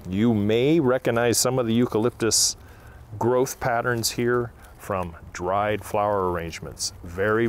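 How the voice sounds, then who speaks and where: Folksy man at a plant nursery. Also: on the low side. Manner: folksy, chatty, with frequent fillers. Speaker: landscaping channel host. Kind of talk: casual how-to vlog.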